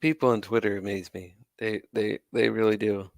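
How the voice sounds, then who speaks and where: A low-leaning, slightly mellow male voice with vocal fry keeps a level tone at a moderate pace. He runs a wrestling commentary channel and rants to camera, sarcastic, exasperated and occasionally swearing. The studio-quality audio has no echo.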